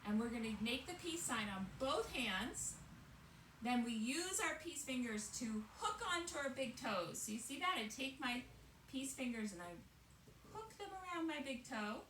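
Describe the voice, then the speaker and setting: A woman reading a picture book aloud and leading young children through yoga poses, gentle and encouraging. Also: high voice, animated, normal speed, roomy sound, far from the mic, slight background noise. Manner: gentle, encouraging, sing-song teacher's voice.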